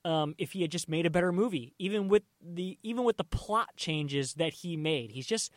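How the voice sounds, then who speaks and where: A man's voice: fairly high pitch, normal speed, no room sound, studio quality. A man co-hosting a podcast in casual chat, blunt and emphatic, often repeating himself. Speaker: podcast co-host.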